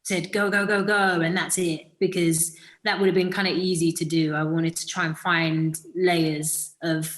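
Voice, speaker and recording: A woman's voice: deep voice, flat delivery, measured pace, rough recording. A British woman giving a thoughtful interview about her acting role, with many fillers and restarts. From Britain. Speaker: actor, interview guest. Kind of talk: casual interview talk.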